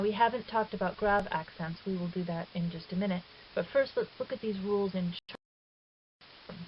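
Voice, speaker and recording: A woman talks through a grammar lesson patiently and step by step, sometimes stopping to correct herself. Her voice sits at an everyday pitch. The recording is dull and lo-fi, with a faint hiss underneath. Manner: patient, methodical, with fillers and self-corrections. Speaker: Greek teacher. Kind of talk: recorded lecture explanation.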